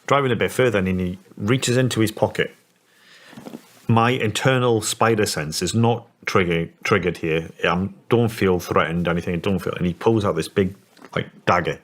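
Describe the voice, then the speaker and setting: A Scottish man in his forties, telling a story in an interview in a halting way, with many restarts. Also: low-pitched. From Scotland. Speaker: interview guest.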